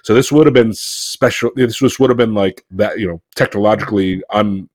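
A man's voice: fairly low pitch, fairly quick, dry recording. A man co-hosting a casual movie discussion, swearing freely and laughing often as he talks. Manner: profane, animated, laughs often. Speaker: podcast co-host.

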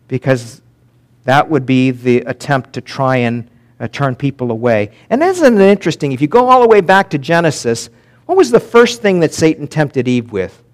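A male pastor delivering a sermon in a lively, animated voice that leaps up and falls away for emphasis. His voice sits a little higher than most men's, and he slows down deliberately when he reads scripture. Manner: animated preaching, rising and dropping sharply for emphasis; slows down to read scripture aloud.

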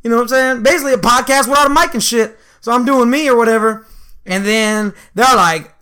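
A young man co-hosting a casual podcast, telling profane stories with plenty of laughs and animated impressions. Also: extremely high pitch, fast, clear, resonant tone. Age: young adult. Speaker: podcast co-host.

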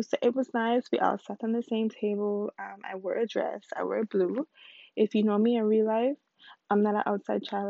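Creaky-voiced young woman chatting casually. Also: medium pitch, warm tone, dry recording, dull audio. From Caribbean background, lives in Houston. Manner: chatty, candid, rambling with fillers. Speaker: podcast host. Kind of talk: casual solo podcast chat.

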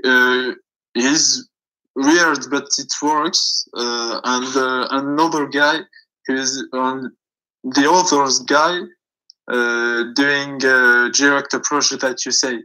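A man, an English speaker, talking haltingly with many fillers in casual conversation. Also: medium pitch, steady tone, sharp tone, poor audio. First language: French. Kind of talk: casual podcast chat.

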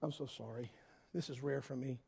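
A man preaching a sermon in a church hall, swinging between yelling and quiet asides. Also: medium pitch, fairly even intonation, brisk, creaky, slightly rough. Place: church hall with worship band.

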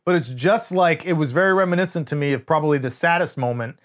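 Male co-host, slightly high voice, emphatic and profane casual film talk. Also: fast talker. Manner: emphatic, swears freely, animated storytelling. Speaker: podcast co-host. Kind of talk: casual film review chat.

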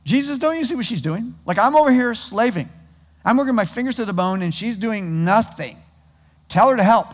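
A man's voice: high-pitched, animated, fairly quick, pitched above the performer's own voice. A man voicing an exasperated, overworked woman who complains in a raised, strained voice.

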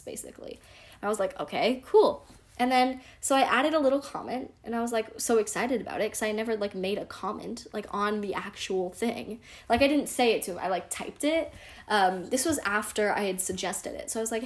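A teenage girl with a slightly high voice tells a real-life story in a relaxed vlog style. She is chatty and frank and pokes fun at herself. Her sentences are full of "like". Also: a little fast. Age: teens. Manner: chatty, frank and self-deprecating, heavy use of "like".

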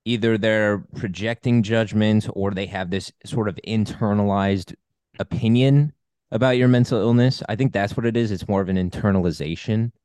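A man's voice: fairly low pitch, moderate pace, a little mellow, clean tone, no room sound. A man co-hosting a casual podcast, upbeat and talking at length to explain ideas. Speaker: podcast co-host.

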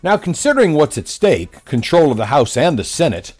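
Man, political commentator, sarcastic and combative, very lively intonation, faint music behind. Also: on the high side, brisk. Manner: mocking, combative, name-calling. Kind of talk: opinion monologue.

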